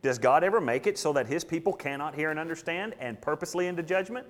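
A man delivers an expository sermon with emphatic force, dropping to hushed asides and then rising to loud declarations. His voice sits a little high for a man. The sound rings with the long reverb of a large hall. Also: animated, quick pace. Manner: emphatic, mocking voices of scoffers, dramatic swings in loudness. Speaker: preacher.

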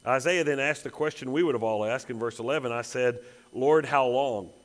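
A man's voice: medium pitch, fast, fairly bright tone. A man preaching a sermon as pastor, emphatic and building to intense repeated phrases. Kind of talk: expository sermon.

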